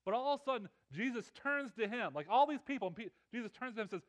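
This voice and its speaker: A man preaching a sermon, animated and often repeating his words, his voice swelling and dropping. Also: very high voice, rapid-fire, hardly any pauses. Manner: animated, stammering repetitions, voice swells and drops. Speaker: pastor.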